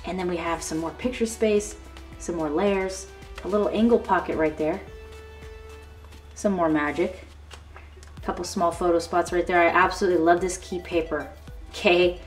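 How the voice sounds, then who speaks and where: A woman's voice: fairly low pitch, steady tone, moderate pace, long pauses. A woman hosting a crafting tutorial, gushing and chatty as she shows off her work in a casual demonstration. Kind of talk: casual show-and-tell demonstration. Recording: slightly distant mic with faint background music.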